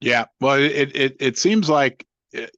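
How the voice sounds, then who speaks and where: A man's voice: mid-range voice, measured pace, no room sound. Middle-aged man, casual show host, jokey, dry muffled sound. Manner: joking, teasing, animated questions. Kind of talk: casual interview chat.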